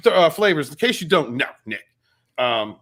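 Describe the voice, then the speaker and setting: Man, livestream host, jokey, excitable, shouts out chat names, casual talk. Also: a little high, moderate pace. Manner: greets chat members by name, jokey and excitable. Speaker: interview show host.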